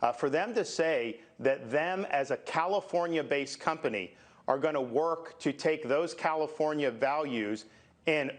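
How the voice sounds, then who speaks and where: A man speaking as a politician, firm and combative in a press statement. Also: medium pitch.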